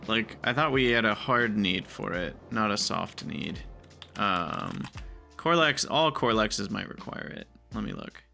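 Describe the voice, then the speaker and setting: A man talks through a game in a loose, thinking-aloud way, half muttering to himself. His voice is bright and edged, with a gravelly fry at the ends of his lines. Faint music plays underneath. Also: on the low side, big pitch swings, a little slow. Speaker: gaming video creator. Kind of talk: casual gameplay commentary.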